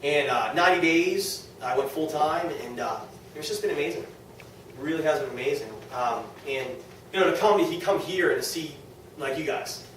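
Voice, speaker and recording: A man giving an enthusiastic testimonial talk to a small audience at a business meeting, quoting others in quick lively asides. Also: on the high side. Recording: very echoey room, distant mic, faint noise.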